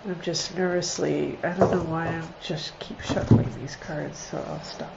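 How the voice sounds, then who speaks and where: A woman's voice: low-pitched, fairly even intonation, a little slow, creaky, highs cut off, noisy background. A woman chatting casually on a live stream from home, reading cards for viewers and laughing often. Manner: chatty, laughs often, soothes her dogs. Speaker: live stream card reader. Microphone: computer or phone on a live video stream.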